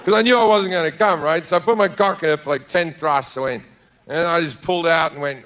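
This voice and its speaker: Crude comic, high voice. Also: male voice, quick pace, a little hiss or hum. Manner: crude, deadpan storytelling with sudden loud bursts. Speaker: stand-up comedian. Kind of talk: stand-up storytelling. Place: stage before a live audience.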